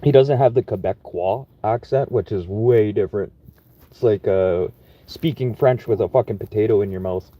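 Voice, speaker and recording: Brief: young Manitoba man, low voice, casual profane vlog chat, dull lo-fi sound. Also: moderate pace. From Manitoba, Canada. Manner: profane, laid-back and chatty. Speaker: construction worker vlogging. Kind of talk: casual rambling monologue.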